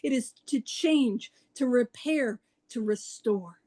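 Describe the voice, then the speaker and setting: A woman's voice: a little high, slow. A woman talking casually about recovery to a meeting, laughing often and poking fun at herself. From Canada. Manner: laughs often, animated and self-mocking. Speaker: speaker at a twelve-step study meeting.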